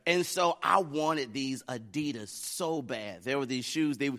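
A man's voice: mid-range voice, measured pace, pushed and bright. A middle-aged man from the United States preaching a sermon, telling a family story in a conversational way that builds to fervent preaching. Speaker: pastor.

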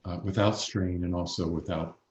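A man working as a voice coach, calmly explaining breathing and resonance with slow, measured pauses. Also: low-pitched, roomy sound, a little hiss or hum. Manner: calm, explains slowly with pauses. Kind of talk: expert advice in a conversation.

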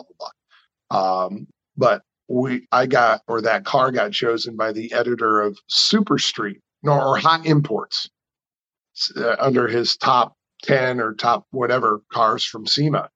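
Animated New storyteller man. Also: medium pitch, moderate pace, dull audio. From New York. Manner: animated, chatty storyteller who acts out quotes. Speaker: custom car builder. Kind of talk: storytelling in an interview.

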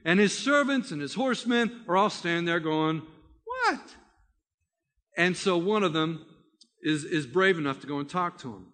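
A man preaching a sermon by retelling a story, animated and vivid, with frequent restarts. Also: a little high, normal speed, in a large hall.

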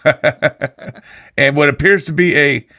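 Bright-voiced teasing male host. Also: on the high side, slow. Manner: dry, teasing questioner. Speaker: podcast host. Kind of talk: casual chat.

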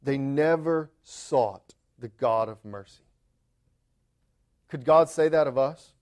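A man's voice: medium pitch, slow, darkish tone. A middle-aged man preaching a sermon as pastor, repeating words as he builds to emphatic peaks.

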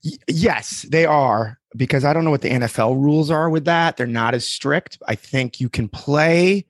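A man's voice: a little high, normal speed, dry recording, clean studio sound. A man in casual podcast chat, telling stories in a blunt, wry way.

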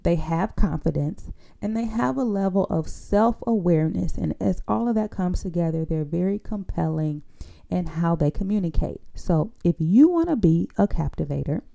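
A woman who coaches public speaking, teaching in a podcast monologue. She repeats key phrases and often checks in with a quick "right?". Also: on the low side, animated, creaky, dark tone. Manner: coaching, often adds a tag question for agreement.

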